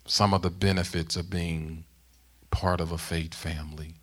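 A middle-aged man preaching a sermon, with emphatic rising bursts that ease into a soft closing prayer. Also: low voice, flat delivery, normal speed. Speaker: guest preacher.

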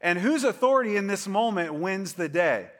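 A man in his late thirties, pitched rather high, preaching a sermon in an easygoing, chatty way. He jokes along and keeps checking in with his listeners with a quick "right?". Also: expressive, fairly bright tone. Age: 30s. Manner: conversational, joking, asks the crowd "right?". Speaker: pastor.

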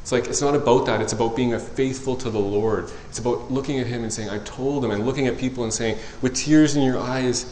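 A man's voice: medium pitch, fairly even intonation, moderate pace, a little hiss or hum. Impassioned male pastor in an echoing church. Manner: impassioned preaching, rising loud on scripture, dropping soft and tender. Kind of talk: sermon. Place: church sanctuary. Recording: roomy church echo.

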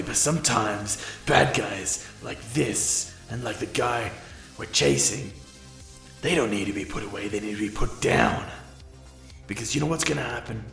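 Man voicing a brutal cop partner, gravelly and menacing, echoey room. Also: on the low side, a bit bright. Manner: intense, threatening, gravelly. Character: violent, enraged male cop partner, ruthless.

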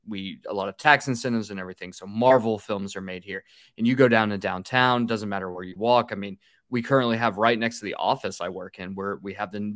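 A man's voice: fairly low pitch, dry recording, studio quality. A man hosting an interview podcast, telling stories in a loose, chatty way with easy swearing and laughter. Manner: animated storyteller, swears and laughs freely. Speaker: podcast host. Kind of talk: casual interview chat.

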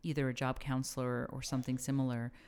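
A woman co-hosting a casual book chat, relaxed and conversational with a blunt edge. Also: very deep voice, fast, clean tone.

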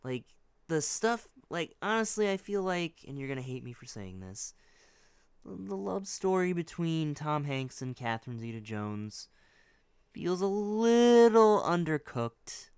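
A man's voice: fairly high pitch, sing-song, a little slow, darkish tone, clean tone, no room sound. A man co-hosting a podcast, chatting casually and rambling, hedging with many restarts. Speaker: podcast co-host. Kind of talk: casual chat.

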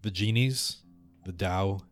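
A man's voice: deep voice, takes it slowly, faint music behind. A man playing a stern old earth-creature chief. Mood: grave. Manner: formal, commanding, grave.

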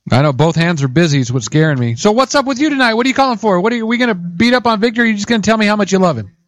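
High-voiced animated male radio host. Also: racing, no echo. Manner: animated storyteller, mimics voices. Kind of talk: casual radio chat.

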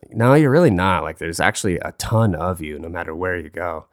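A man's voice: low-pitched, brisk, no echo, studio quality. A man hosting a casual solo talk, rambling and joking crudely, his voice stuffy from a cold. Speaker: podcast host.

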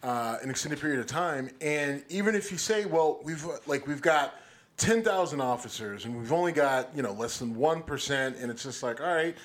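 A man's voice: on the high side, animated, moderate pace. A man co-hosting a podcast in a studio, talking bluntly and with plenty of swearing as he gets heated. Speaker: podcast co-host. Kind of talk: casual chat.

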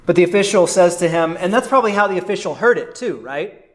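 A pastor preaches a sermon in a high-pitched, animated and fast voice. He's conversational, often checks in with "right?", and briefly voices the figures he quotes from the text.

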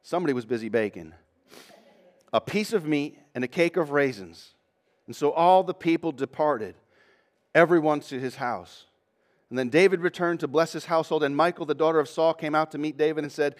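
A man's voice: a little high, moderate pace. Man preaching a sermon with rising intensity. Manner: expository preaching, reads scripture then comments, acts out quoted voices.

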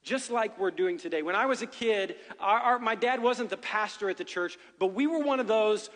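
A man's voice: sits high, normal speed, a bit bright, big-room sound. A middle-aged man preaching as a pastor, chatty and joking, often checking in with "right?". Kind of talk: sermon. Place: church sanctuary.

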